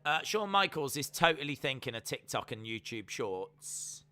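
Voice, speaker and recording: A man's voice: medium pitch, big pitch swings, normal speed, pushed and bright. A man chatting casually on a live reaction stream, repeating himself often as he talks. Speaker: streamer hosting a watch-along.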